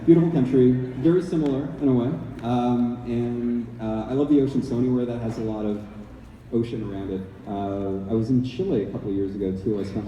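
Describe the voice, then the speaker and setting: A man from Canada, an actor, fields fan questions in a casual audience Q&A at a big convention hall, rambling and joking playfully with the crowd. His medium-pitched voice sounds dark, with the highs cut off and a little hiss or hum. Heard from far off, it echoes through the hall.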